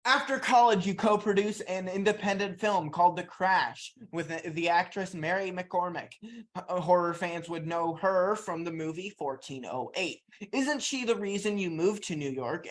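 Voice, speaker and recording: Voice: mid-range voice, moderate pace. A podcast host and interviewer who reads out a prepared biography of the guest and then asks questions.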